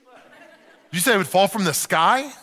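A man playing a curious, prying neighbor who keeps asking questions in quick bursts. His tone is bright and raised. It has a long hall echo. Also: high voice, animated, heavily acted. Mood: nosy. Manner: prying, rapid-fire questions.

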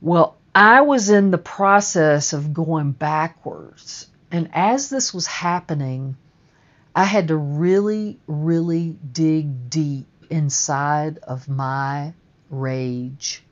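A woman's voice: low-pitched, slow pace, highs cut off. A woman telling a first-person story in a blunt, emphatic way, with plenty of swearing.

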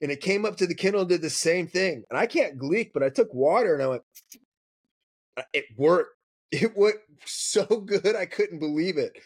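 A man's voice: sits high, moderate pace, slightly rough. A man on a podcast, a dog trainer telling stories in casual, profane chat. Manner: profane, storytelling, animated.

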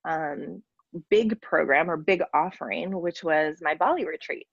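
A woman coach talks earnestly and at length in an interview, tired after a short night, filling pauses with ums and likes. Her voice sits a bit low, and the audio is dry and a little dull. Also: gravelly, breathy edge, no echo. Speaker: business coach, interview guest. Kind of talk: casual interview conversation.

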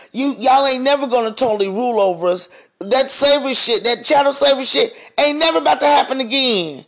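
A man's voice: extremely high pitch, a bit bright. A man hosting a podcast, speaking in a blunt, profane, heated monologue rant. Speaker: podcast host. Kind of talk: ranting monologue.

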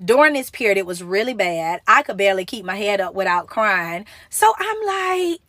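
A woman's voice: mid-range voice, sing-song, normal speed, pushed and bright, no room sound, clean studio sound. A woman hosting a motivational faith talk, earnest and emphatic, firing off rhetorical questions. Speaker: podcast host.

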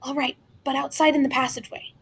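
A woman voicing a secretive young girl in an audiobook, speaking in a calm, guarded, firm way. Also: high voice, brisk. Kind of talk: audiobook character voice.

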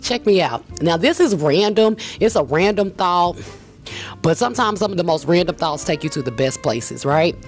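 A woman's voice: on the low side, expressive, moderate pace, faint music behind. A woman host giving a casual, emphatic motivational talk, addressing the listener directly. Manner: emphatic, chatty, talks straight to the listener. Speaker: vlogger, show host.

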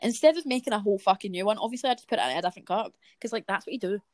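A young Scottish woman hosting a podcast, telling lively work stories in casual chat with plenty of swearing. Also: medium pitch, racing, no room sound. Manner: lively storytelling with frequent swearing. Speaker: podcast host.

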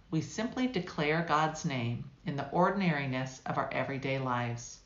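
Low-voiced woman reading a calm devotional. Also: echoey room, lo-fi sound. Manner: calm, reflective and measured. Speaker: guest devotional writer.

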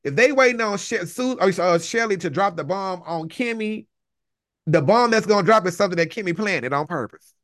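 A man's voice: high voice, lively intonation, fairly quick, fairly bright tone. A man in a casual gossip chat, talking bluntly and cussing freely. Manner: blunt, salty, cusses freely.

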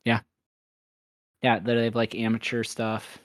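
A young man hosts a podcast in a casual, rambling way. He keeps an upbeat tone and often stops to correct himself. His voice sits at a middle pitch and is recorded close and dry. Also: completely flat delivery, unhurried, no room sound. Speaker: podcast host. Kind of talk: casual chat.

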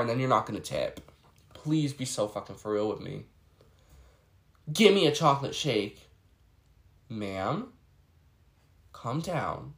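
Brief: congested man, mid-pitched, chatty and exasperated, recorded in an echoey room. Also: a bit bright. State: stuffy from a cold. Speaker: vlogger. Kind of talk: casual storytelling chat.

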